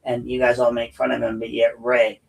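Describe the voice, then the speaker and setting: A man's voice: medium pitch, monotone, moderate pace, gravelly, far from the mic, slight background noise, rough recording. A man hosting his own show, giving a rambling, combative monologue with many restarts. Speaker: show host and veteran. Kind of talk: monologue commentary.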